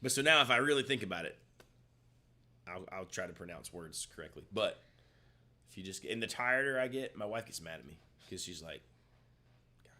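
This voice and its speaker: A man co-hosting a live stream in laid-back, rambling chat that often trails off quietly. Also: deep voice, expressive, a little fast, pauses often, slight background noise. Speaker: co-host of a guitar shop live stream. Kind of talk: casual chat.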